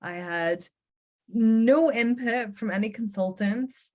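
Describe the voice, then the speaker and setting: A woman's voice: on the high side, slow, a little mellow. A woman with a Northern Irish accent, giving an earnest, heartfelt personal faith testimony. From Northern Ireland. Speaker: Christian speaker sharing her testimony.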